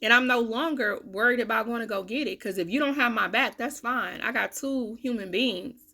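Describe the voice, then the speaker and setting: A woman's voice: normal speed, gravelly. Blunt, profane young woman venting. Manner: blunt, heated and profane, swinging from loud to low muttering. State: coughing now and then. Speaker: vlogger, self-styled life coach. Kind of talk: candid talking-to-camera vlog.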